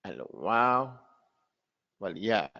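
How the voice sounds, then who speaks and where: A man's voice: on the low side, sing-song, extremely slow, vocal fry, pushed and bright, highs cut off. A man teaching a tajweed class, calling on students by name and switching between Arabic and English. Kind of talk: classroom lesson.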